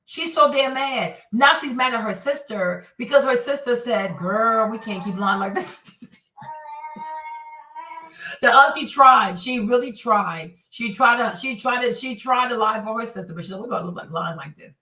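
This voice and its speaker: This commentary host reacts casually, addressing her audience head-on and voicing the lines of the people she covers. She sounds a little high, animated, pushed and bright at a moderate pace, recorded in a roomy space slightly away from the mic.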